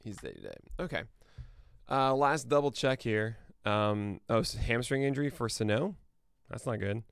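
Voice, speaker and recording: A man hosting a podcast stream talks casually to himself and his chat, trailing off into mumbled asides. His voice is gravelly with fry yet smooth and resonant, recorded dry and close with no room sound. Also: mid-range voice, very animated, no room sound. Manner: thinking aloud, mumbling asides, quick laughs. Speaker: podcast host. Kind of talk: casual livestream chat before a show.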